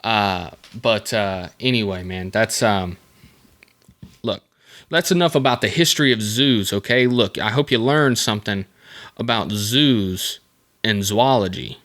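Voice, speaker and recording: A man's voice: lowish voice, a little slow, a bit bright. A man hosting a casual solo podcast, rambling through the topic with jokey asides and self-mocking comments. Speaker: podcast host.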